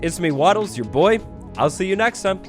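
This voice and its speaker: A young man narrates a game tutorial in a playful, upbeat way, sometimes acting out little scenes as he explains. His voice sits a little on the high side. Quiet music plays underneath. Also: very animated, normal speed. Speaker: Minecraft tutorial host. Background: background music.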